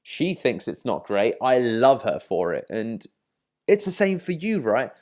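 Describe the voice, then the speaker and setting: An English man in his thirties coaching viewers on dating in an easy, conversational flow. He stumbles and repeats words often and keeps checking in with the listener. His voice sits at an ordinary middle pitch for a man. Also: sing-song, measured pace, a little mellow. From England. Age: 30s. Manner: chatty, stammers and repeats words, frequent "you know" and "right?". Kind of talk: casual advice talk to camera.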